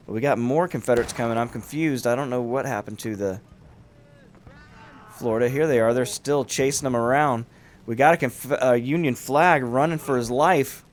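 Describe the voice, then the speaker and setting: A man hosting and commentating a large online battle game with lively, amused play-by-play. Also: mid-range voice. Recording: commentary over loud battle crowd noise. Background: crowd and gunfire of a large online battle.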